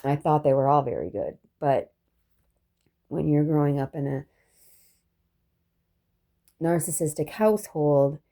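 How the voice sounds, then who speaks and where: A woman's voice: deep voice, lively intonation, a little slow, long pauses, mellow. A woman telling a personal story in a rambling, reflective monologue, restarting often and dropping profane asides.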